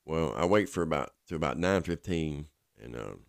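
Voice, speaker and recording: Very deep-voiced man, rambling. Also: lively intonation, normal speed, vocal fry, dry recording, studio quality. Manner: rambling, casual, full of fillers. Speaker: recovering addict telling his story. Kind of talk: personal storytelling.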